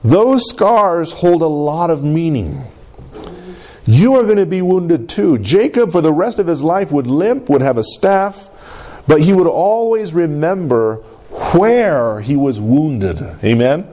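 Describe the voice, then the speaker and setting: A man's voice: fairly high pitch, sing-song, slow pace, mellow. A man preaching a sermon in a conversational way, often checking in with his congregation. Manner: conversational, keeps asking the congregation "Amen?". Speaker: pastor.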